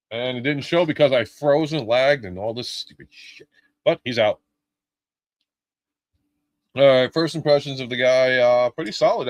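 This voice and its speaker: A man's voice: medium pitch, no echo. A middle-aged man live-streaming a toy unboxing, chatting casually with jokes, swearing and lots of fillers.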